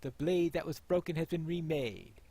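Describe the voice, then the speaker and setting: A man's voice: fairly high pitch, normal speed, mellow, dry recording, close to an everyday voice. A man reading a stately ancient elf lord. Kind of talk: reading quest dialogue aloud.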